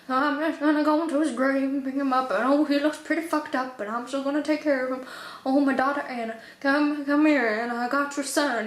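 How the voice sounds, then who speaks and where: A woman's voice: high-pitched, roomy sound, lightly acted. A woman voicing a grieving grandfather who rambles bluntly and exclaims.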